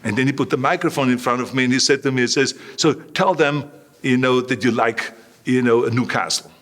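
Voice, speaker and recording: A man's voice: mid-range voice, fairly quick, fairly bright tone. A man in his sixties with a firm Austrian accent tells stories as an interview guest. He leans on words for emphasis, repeats phrases and acts out what others said to him. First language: German. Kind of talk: storytelling interview.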